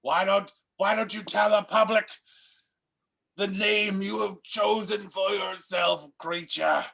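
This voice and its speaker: A man's voice: sits high, steady tone, slow pace, creaky, sharp tone, full character voice. A man playing a fussy, melodramatic mad scientist who dotes on his creation and breaks into dramatic cries, in an improv comedy scene. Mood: doting. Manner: melodramatic, bursts into cries, stammers.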